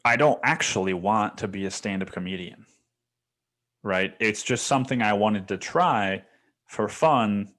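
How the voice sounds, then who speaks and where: A man's voice: lowish voice, fairly bright tone. A young man hosting his own podcast, talking in a rambling, casual monologue full of swearing and "dude.". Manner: rambling, swears a lot, says "dude" and "like" often. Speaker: podcast host.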